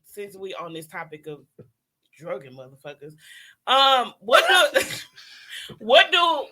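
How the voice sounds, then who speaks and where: Bright-voiced teasing woman. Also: medium pitch, big pitch swings, slow. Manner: teasing, curious and blunt. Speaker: podcast co-host. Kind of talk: casual chat.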